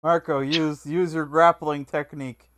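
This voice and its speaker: A man playing a tabletop game over a call, firing off quick joking quips. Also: a little high, level tone, crowd noise. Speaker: player. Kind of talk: casual chat at a game table.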